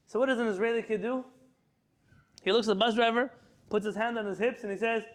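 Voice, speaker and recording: A man's voice: sits high, quick pace, a bit bright. A man teaching a class to students in a room, reading Hebrew passages aloud and then translating and explaining them. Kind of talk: lecture class.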